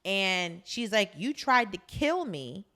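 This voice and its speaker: A woman co-hosting a podcast, recapping a drama in casual chat, blunt and animated, swearing freely. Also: mid-range voice, slow pace. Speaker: podcast co-host.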